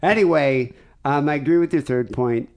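A man's voice: a little high, normal speed, smooth. An American man hosting a podcast, bantering casually and laughing often. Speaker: podcast host.

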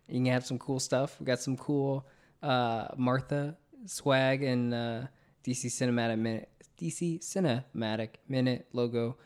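Male podcast host, casual chat, upbeat, laughs a lot, middle pitch. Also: fairly even intonation, moderate pace, clean tone. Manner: upbeat, laughs often, filler-heavy.

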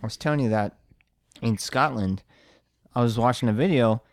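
A man's voice: medium pitch, normal speed, dry recording, clean studio sound. A man telling rambling stories in casual podcast chat, laughing at his own jokes.

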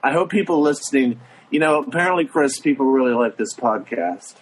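A man's voice: mid-range voice, animated, fairly quick, a little hiss or hum, rough recording. Laid-back man co-hosting a podcast. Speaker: podcast co-host, impressionist. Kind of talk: casual chat.

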